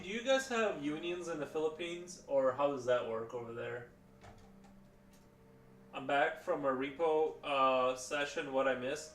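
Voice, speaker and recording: A man's voice: on the high side, fairly bright tone. A man chatting casually on a live stream, rambling with lots of fillers and restarts. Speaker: livestreamer. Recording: roomy, distant mic, faint background noise.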